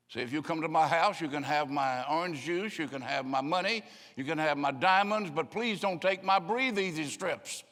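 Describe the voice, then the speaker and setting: A man's voice: on the high side, normal speed, hardly any pauses, a bit bright. An older man preaching a sermon in a folksy storytelling way, often acting out the voices of people he quotes. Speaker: pastor. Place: church sanctuary. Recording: long hall reverb.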